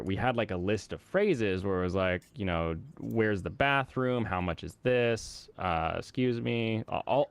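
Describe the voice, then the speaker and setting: A man hosting a casual online group chat, telling stories in an animated way and laughing often. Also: low voice, smooth, no room sound. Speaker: host.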